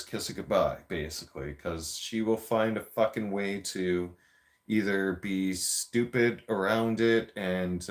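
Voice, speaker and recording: A man telling a story in a heated, profane, rambling rant with frequent restarts, a few beers in. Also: lowish voice. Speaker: vlogger.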